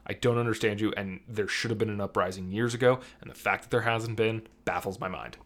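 A young man co-hosting a casual podcast, rambling and animated, full of fillers and restarts. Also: fairly low pitch, fairly quick. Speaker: podcast co-host.

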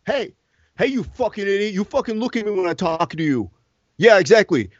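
A man's voice: high-pitched, very animated, a little fast, no echo, voice pushed up. A man impersonating an angry, swearing male fight promoter who bullies his star fighter. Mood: furious. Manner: swearing, bullying tirade. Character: furious profane male fight promoter boss, middle-aged. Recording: dull dry lo-fi podcast audio.

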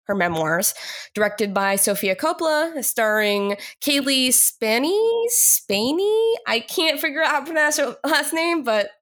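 A woman's voice: high voice, animated, moderate pace, a bit bright. A young woman co-hosting a podcast in casual chat, laughing often and talking with fillers. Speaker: podcast co-host.

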